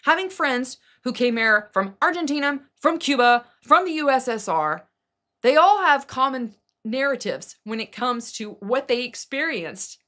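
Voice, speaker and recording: A woman's voice: high-pitched, expressive, unhurried, a bit bright. A middle-aged woman giving casual opinion commentary, emphatic and sarcastic, with mocking asides as she rants. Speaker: political commentary vlogger.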